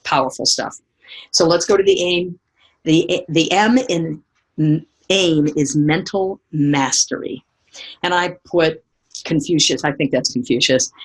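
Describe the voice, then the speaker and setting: A middle-aged woman speaker giving a motivational seminar talk, telling lively stories and asking the audience direct questions. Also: deep voice, breathy edge. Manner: animated storytelling, acting out remembered voices.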